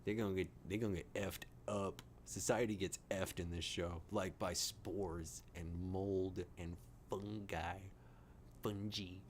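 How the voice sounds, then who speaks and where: A man hosting a casual reaction video, giddy, excitable and jokey as he comments on a TV episode. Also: low voice, a little slow, slight background noise.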